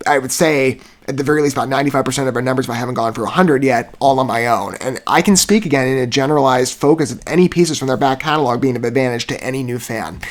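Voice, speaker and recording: A man hosting a music reaction channel, reviewing a rock song in wordy, searching sentences with frequent restarts and soft laughs. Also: mid-range voice, quick pace, hardly any pauses.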